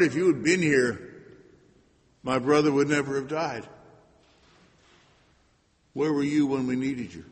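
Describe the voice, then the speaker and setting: A man preaching a sermon in an earnest way, moving between loud emphasis and hushed asides. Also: medium pitch. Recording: long hall reverb.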